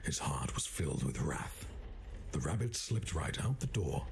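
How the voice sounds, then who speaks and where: A man's voice: very deep voice, very animated, a little slow, slight background noise, heavily acted. A man doing an eerie whispered storybook narrator. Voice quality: hushed, breathy whisper. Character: eerie male storybook narrator of a horror game.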